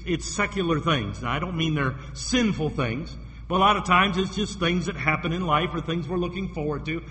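A man's voice: fairly high pitch, pushed and bright, slight background noise. Earnest preacher man in an echoey hall. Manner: earnest, stumbling restarts, reads verses slowly. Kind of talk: sermon.

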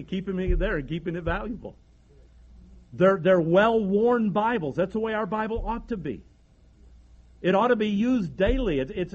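High-voiced preacher, folksy. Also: male voice, darkish tone, lo-fi sound. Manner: folksy, repeats words and restarts sentences. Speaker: pastor. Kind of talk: sermon.

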